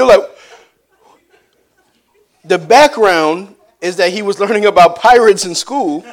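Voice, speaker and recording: High-voiced chatty male preacher. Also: takes it slowly, long pauses. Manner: chatty, laughing asides, calls out to congregation. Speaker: evangelist preacher. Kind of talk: conversational sermon. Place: church sanctuary.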